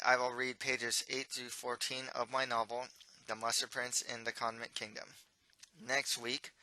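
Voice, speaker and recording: An author reads his own fantasy novel aloud in a plain, steady delivery, opening with a short plug. His voice is very bright and middle in pitch, recorded close and dry. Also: no echo, poor audio. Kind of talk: storybook reading and promotion.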